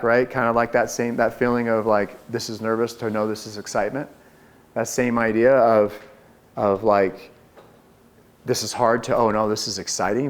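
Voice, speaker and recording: A man coaching a group on door-to-door solar sales, talking with energy and confidence and acting out his pitches. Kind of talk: sales training talk to a group.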